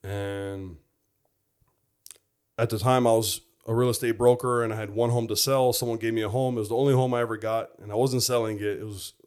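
A young adult man giving a personal faith testimony in an earnest, reflective way, pausing often with fillers. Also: lowish voice, steady tone, darkish tone. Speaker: former football player giving his testimony.

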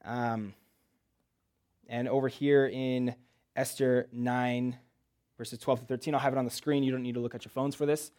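A medium-pitched man with a darkish tone and flat delivery preaches in church. He jokes his way through a Bible story, slipping in rhetorical questions and brief asides.

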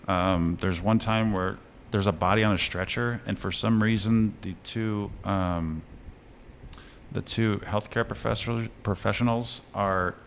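A man co-hosting a casual film chat, retelling scenes in an animated way with chuckles and fillers. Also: on the low side, a little slow, slight background noise. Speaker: podcast co-host reviewing a film.

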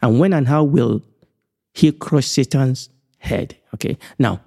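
Emphatic man teaching the Bible, mellow voice. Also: mid-range voice, gravelly. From Nigeria. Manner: measured and emphatic, repeating key phrases, slowing on big points. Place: indoors, recorded for an online broadcast.

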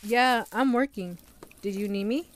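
A woman's voice: a little high, measured pace, a little hiss or hum, natural voice. A young woman playing a stressed teenage girl. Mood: worried. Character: seventeen-year-old Mexican-American girl, responsible and stressed. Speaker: narrator and lead.

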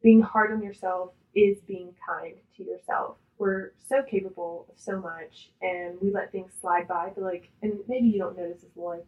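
Energetic woman podcast co-host. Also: on the low side, narrow, tinny audio. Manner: energetic, talks in quick fragments and retells conversations. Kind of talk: casual motivational chat.

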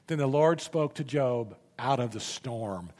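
A man preaching a sermon as a pastor, speaking dramatically and rising to loud bursts when he reads scripture. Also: medium pitch, lively intonation, unhurried, long reverb tail.

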